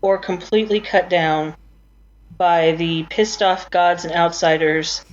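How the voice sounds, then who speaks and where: A woman's voice: fairly low pitch, steady tone, unhurried. A woman narrating a tabletop game as game master, talking casually with frequent restarts and small laughs. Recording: slightly dull lo-fi mic with faint hiss.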